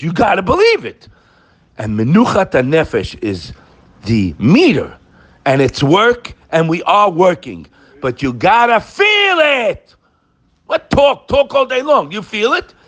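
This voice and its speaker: Animated man giving a Torah lecture. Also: a little high. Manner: animated, rhetorical questions, quotes Hebrew verses. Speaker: Torah teacher.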